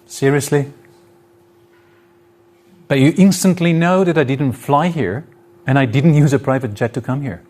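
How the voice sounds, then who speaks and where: A man's voice: mid-range voice, measured pace, long pauses, darkish tone. A man lecturing to an audience in a hall, explaining his points with spoken examples and shifts in intonation. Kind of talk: live lecture.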